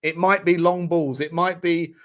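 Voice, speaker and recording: A man's voice: on the high side, little pitch movement, normal speed. A man hosting a casual football watchalong stream, rambling and joking with frequent stammering restarts. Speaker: football channel host.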